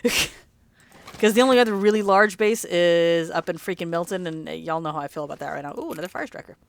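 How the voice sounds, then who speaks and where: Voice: medium pitch, brisk, gravelly. Sleepy rambling let's play host. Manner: rambling, chatty, laughs often, says "y'all". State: sleepy, yawning late at night. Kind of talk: casual gameplay commentary.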